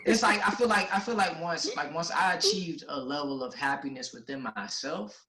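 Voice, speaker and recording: A man's voice: on the high side, normal speed, reverberant, crowd noise, low-quality recording. A man co-hosting a casual podcast, talking earnestly and reflectively about himself. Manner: earnest, reflective, starts and restarts. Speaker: podcast co-host.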